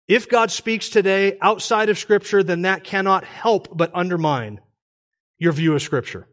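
A man's voice: high voice, fairly bright tone. A man speaking at a conference in a church, arguing his point emphatically in a sermon. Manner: emphatic, argumentative.

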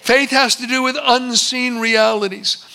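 A man in his sixties preaching a sermon, telling stories and slowing for emphatic pauses. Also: very high-pitched, steady tone, creaky, sharp tone, clean tone. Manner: storytelling, with slow emphatic pauses. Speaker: pastor.

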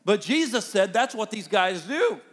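A man's voice: sits high, sing-song, moderate pace. A male pastor preaching a sermon in an earnest, conversational way, telling stories and talking directly to the congregation. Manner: storytelling, acts out a child's voice and quoted speech.

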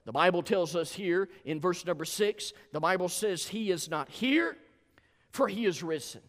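Southern male pastor, high and animated voice, preaching in rhythmic swells, long church-hall reverb. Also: normal speed. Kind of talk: sermon.

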